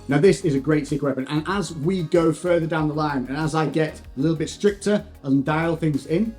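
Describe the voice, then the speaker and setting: A man's voice: medium pitch, mellow. A young man chatting casually to camera about his diet and training, playful, with silly whoops and hums. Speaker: fitness vlogger. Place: home and garage gym. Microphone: shotgun mic on camera.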